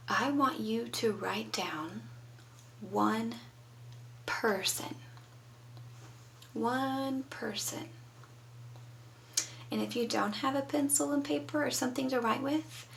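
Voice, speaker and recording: A woman's voice: on the high side, vocal fry, distant mic, slight background noise, low-quality recording. A woman teaching young children from home, patiently prompting them to answer. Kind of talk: children's lesson.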